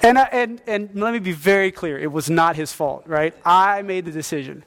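A middle-aged man preaching a sermon as pastor, telling stories with lively acted-out quotes. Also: high-pitched, normal speed. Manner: animated storytelling with acted-out quotes.

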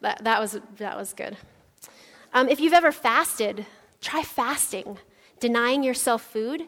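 A woman's voice: on the high side, measured pace, fairly bright tone. A woman in her thirties giving a conversational sermon, telling personal stories with lots of fillers. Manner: chatty, personal storytelling with fillers. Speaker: church speaker. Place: church sanctuary. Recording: long hall reverb.

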